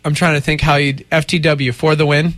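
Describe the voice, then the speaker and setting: A man's voice: fairly high pitch, level tone, fairly quick, fairly bright tone, no echo. Playful man co-hosting a chat show. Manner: playful, teasing storyteller. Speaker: co-host. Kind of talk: casual chat.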